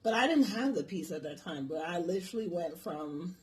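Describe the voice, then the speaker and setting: A man's voice: sits high, lively intonation, fairly quick, a little hiss or hum. A man casually telling a personal story on his vlog, rambling and swearing freely. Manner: rambling, profane, lots of fillers.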